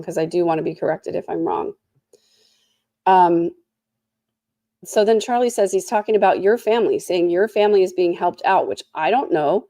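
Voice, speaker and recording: A woman's voice: medium pitch, mellow, no echo, studio quality. Snarky, tired woman recapping a trial. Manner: snarky, sarcastic asides. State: sore throat. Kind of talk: casual commentary.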